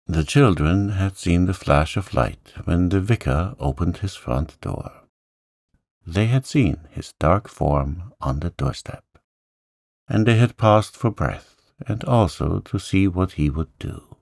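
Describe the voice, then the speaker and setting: Man, sleep-story narrator, gravelly, lively pitch, calm reading. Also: no room sound, clean studio sound. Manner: gentle, slow, lifts pitch for characters' lines.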